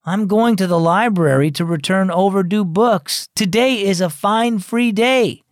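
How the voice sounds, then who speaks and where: A man's voice: high voice, a little slow, no echo, studio quality, pitched above the performer's own voice. A man doing an eager, earnest young boy.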